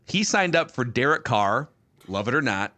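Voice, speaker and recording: A man's voice: medium pitch, very animated, moderate pace, pushed and bright. A man co-hosting a sports podcast, chatting casually and telling stories with "you know" asides. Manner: storytelling, looks back with many "you know" asides.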